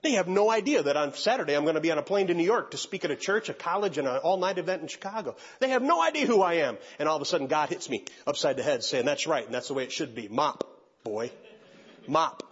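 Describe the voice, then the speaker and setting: A man's voice: a little high, fast, few pauses, slightly rough, highs cut off. An older man preaching a sermon, telling a personal story and acting out the voices of the people in it. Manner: animated storytelling, acts out voices of others. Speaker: pastor.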